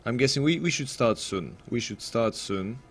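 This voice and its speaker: A man's voice: mid-range voice, animated, normal speed, breathy edge. A man casting an esports match on his live stream, rambling and self-deprecating with frequent restarts. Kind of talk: casual live stream commentary.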